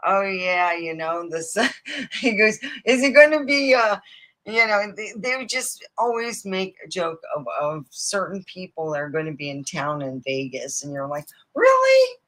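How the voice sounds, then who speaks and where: A woman's voice: on the low side, normal speed, sharp tone, poor audio. A woman from Nevada hosting a livestream, rambling casually, digressing, swearing freely and acting out quoted voices. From Nevada, USA. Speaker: livestream host.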